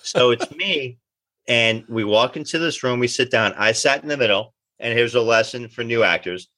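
A middle-aged man, telling animated anecdotes in an interview and acting out the dialogue he quotes. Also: medium pitch, normal speed, no echo. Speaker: actor guest. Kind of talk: casual interview storytelling.

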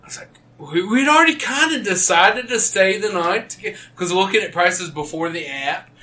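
A man chatting excitably as a podcast cohost, often laughing. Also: high voice, normal speed. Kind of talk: casual podcast chat.

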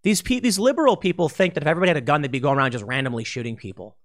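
A man's voice: a little high, racing. A man giving a blunt opinion monologue as a political commentator, emphatic and full of slang.

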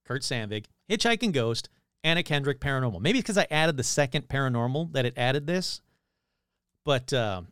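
A man's voice: mid-range voice, animated, moderate pace, a bit bright, clean tone, no room sound, studio quality. A man hosting casual comedic commentary, rambling, exclaiming and cutting himself off. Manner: rambling, exclamatory, self-interrupting. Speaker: host.

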